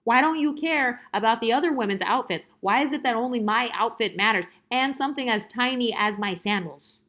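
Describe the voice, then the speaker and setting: Woman ranting a storytime, kinda high voice, sarcastic and fed up, swears a lot. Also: fairly bright tone. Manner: exasperated, sarcastic, rapid-fire rhetorical questions; salty, profane. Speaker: storytime vlogger. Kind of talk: casual storytime rant.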